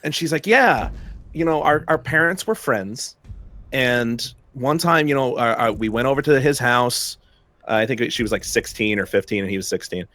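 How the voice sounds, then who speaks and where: A man's voice: mid-range voice, normal speed, fairly bright tone, no echo. A young man telling a long personal story in casual chat, rambling with many fillers and frequent laughs.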